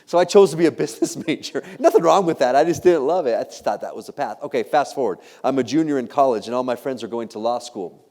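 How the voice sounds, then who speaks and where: Animated man telling stories in a big echoey hall. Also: medium pitch, fast talker, few pauses. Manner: animated, self-deprecating, teasing the audience with questions. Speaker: keynote speaker. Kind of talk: humorous storytelling keynote. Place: large hall. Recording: long reverb of a large hall.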